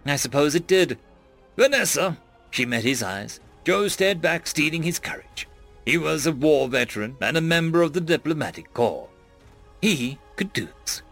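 A man's voice: fairly high pitch, lively intonation, normal speed, gravelly, a bit bright, soft background music. A man narrating a science fiction story in an audiobook style.

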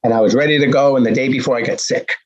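Older man from the Boston area telling his story as a guest: punchy, repetitive, slightly raspy. Recording is muffled and lo-fi. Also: mid-range voice, fairly even intonation, very fast. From Boston area, USA. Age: 60s. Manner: acts out dialogue, punchy repetitions. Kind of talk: animated storytelling. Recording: dull lo-fi recording.

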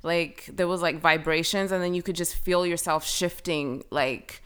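A young woman telling a personal story as a guest in a casual chat, full of fillers and lively retelling. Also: on the low side, moderate pace, clean tone. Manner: chatty, filler-heavy, animated retelling.

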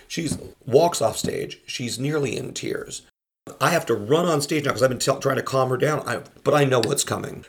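A man, a comedian, telling an animated anecdote and restarting his sentences often. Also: mid-range voice, moderate pace, creaky, a little hiss or hum. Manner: acts out quoted voices, restarts often.

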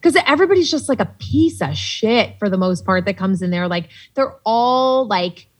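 Female guest, husky, casual storyteller, salty and animated, filler-heavy delivery. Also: medium pitch, normal speed. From Boston, USA. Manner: animated, swears freely, many "like" fillers. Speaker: podcast guest.

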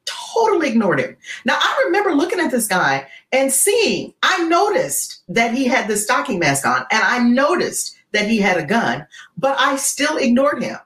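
A woman tells a story in a podcast interview, her pitch swinging widely as she gets caught up in it. She keeps checking in with a quick "right?". The recording has a roomy echo. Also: wildly swooping pitch, fairly bright tone. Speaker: guest, keynote speaker.

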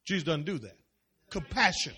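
A man preaching a sermon in church, animated, repeating phrases and building up to shouts. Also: a little high, normal speed, husky. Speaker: pastor. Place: church service.

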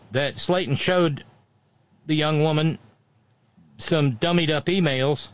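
A man's voice: mid-range voice, muffled recording. A man hosting casual political commentary, sardonic and mocking, with frequent asides.

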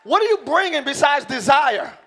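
A middle-aged man preaching a sermon in a church, shouting key lines and slowing down for emphasis while joking with the congregation. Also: very high voice, big pitch swings, some chatter behind. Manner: joking, talks directly to the congregation. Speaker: pastor. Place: church sanctuary.

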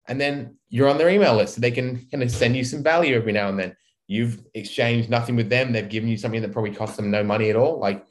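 A man at an ordinary middle pitch chats casually as a podcast guest. He rambles in a relaxed way and slips into little acted-out voices when he quotes people. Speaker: guest marketing expert.

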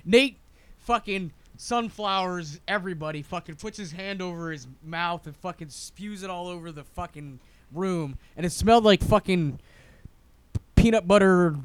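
A man's voice: high-pitched, normal speed, clear, resonant tone, no echo. A man in his thirties chatting casually, laid-back, rambling and profane. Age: 30s. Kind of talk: casual chat.

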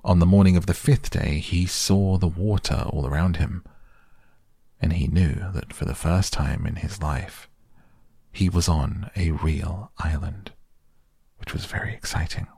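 A man with a gravelly, husky voice reading a children's storybook aloud in a gentle, measured way. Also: low-pitched, no room sound, clean studio sound.

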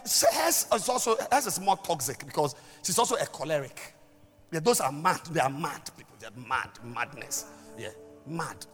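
Male pastor, lively high voice, stammers, emphatic sermon delivery; long church reverb. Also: moderate pace, breathy edge. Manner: emphatic, stammering, swings from loud to soft. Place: church hall. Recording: reverberant church hall with music.

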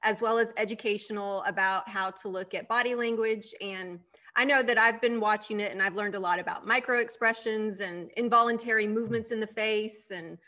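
A woman's voice: mid-range voice, fairly even intonation, fairly quick, bright, forceful tone. A woman hosting a podcast, asking her guest eager, inquisitive questions. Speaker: podcast host. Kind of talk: interview questions.

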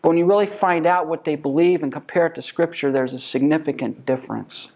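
A man's voice: fairly high pitch, fairly quick, a little mellow. A man teaching a church Bible class, emphatic and full of rhetorical questions.

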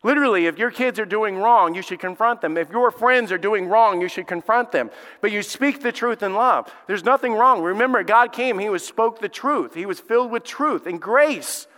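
A man preaching a sermon as pastor, telling stories and acting out quotes with animated delivery. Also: high-pitched, moderate pace, few pauses. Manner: animated storytelling, acts out quotes. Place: church sanctuary. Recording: reverberant church hall.

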